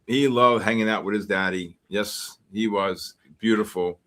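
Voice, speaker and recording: A man from the Bronx, hosting a live futures trading stream and reacting excitably to the market while greeting viewers. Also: on the low side, unhurried, few pauses. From the Bronx, New York. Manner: excitable, greets chat names in bursts. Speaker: host and futures trader.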